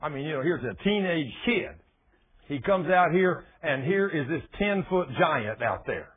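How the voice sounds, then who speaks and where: A man preaching a sermon in a folksy, animated storytelling manner. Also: a little high, unhurried, slight background noise. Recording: tinny phone-like radio broadcast.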